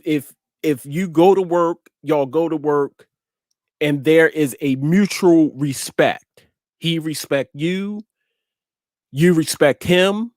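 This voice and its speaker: A man's voice: a little high, no echo. Man, talk show host, repeats words, dry close sound. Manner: laughs often, repeats words, slangy. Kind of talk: casual chat to a live audience.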